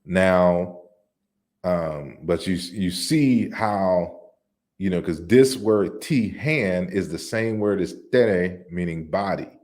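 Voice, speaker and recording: A man giving an online lecture on word forms, explaining slides deliberately with frequent restarts. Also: sits low, darkish tone. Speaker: lecturer on African languages.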